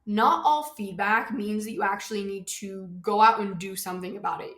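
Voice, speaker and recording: A woman's voice: mid-range voice, moderate pace, fairly bright tone, reverberant. A woman hosting her own podcast in a home office, chatting casually and a little out of breath, stressing her points by repeating them. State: slightly out of breath. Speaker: podcast host. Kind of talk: casual solo podcast talk.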